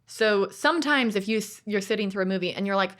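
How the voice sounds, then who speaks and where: A talkative woman co-hosting a podcast, voice sitting at an ordinary middle pitch. She rambles from point to point in easy conversation and slips into little put-on voices for other people's lines. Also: quick pace, fairly bright tone. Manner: chatty and digressive, acts out other people's lines. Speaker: podcast co-host. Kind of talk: casual chat about movies.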